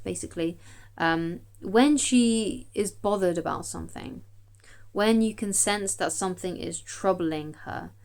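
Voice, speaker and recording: A woman, a dating coach, giving chatty, emphatic advice straight to camera and often checking in with "okay?". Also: lowish voice. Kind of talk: direct-to-camera advice talk.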